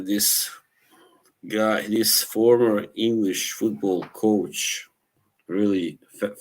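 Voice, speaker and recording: A man hosting a live stream, chatting casually with viewers, laughing often and teasing. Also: lowish voice. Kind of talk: casual chat reacting to live chat.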